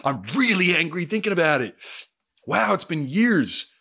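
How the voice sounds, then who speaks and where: Young guy vlogging a rant story, bright edgy voice, swears a lot, super animated. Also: sits high, normal speed, creaky. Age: young adult. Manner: energetic, profane, swings into loud outbursts. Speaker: YouTuber. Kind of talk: storytelling vlog.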